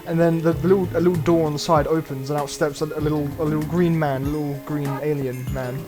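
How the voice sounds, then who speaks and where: Young guy, playful storyteller, fairly high voice, music under the talk. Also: steady tone, fast talker. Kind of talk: casual chat. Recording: music playing behind.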